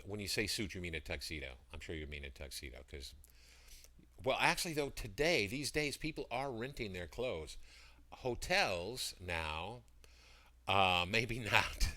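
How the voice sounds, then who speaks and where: A man's voice: on the low side, pushed and bright, slight background noise. A man selling products on a casual livestream, rambling and greeting chat viewers by name as he talks. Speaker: livestream seller. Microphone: computer mic.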